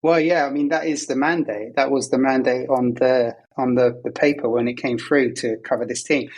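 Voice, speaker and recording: Husky-edged male co-host, conversational and jokey. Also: mid-range voice, fairly even intonation, moderate pace, darkish tone, poor audio. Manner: conversational, jokey, self-deprecating. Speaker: podcast co-host, data pundit. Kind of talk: casual chat. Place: travelling abroad.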